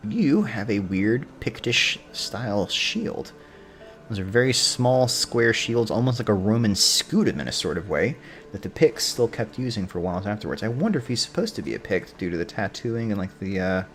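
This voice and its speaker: A man streams a video game and chats with a joking, playful manner. His voice is low with very lively intonation, and he drops in history-buff asides. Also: moderate pace, soft background music. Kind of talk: gameplay commentary.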